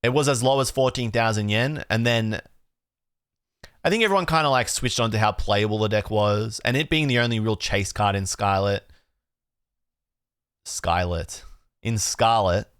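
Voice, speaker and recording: A young Australian man chatting casually on a live stream, relaxed and talky, redoing his outro lines. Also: fairly low pitch, moderate pace, long pauses, clean tone, no echo, clean studio sound. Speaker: streamer and card collecting host.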